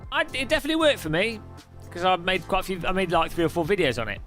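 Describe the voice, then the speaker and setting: Man, sim racing streamer, chatty live-stream tone, slightly high voice, very lively pitch, faint music behind. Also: very fast. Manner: chatty, reads chat aloud, laughs often. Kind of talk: casual live-stream chat.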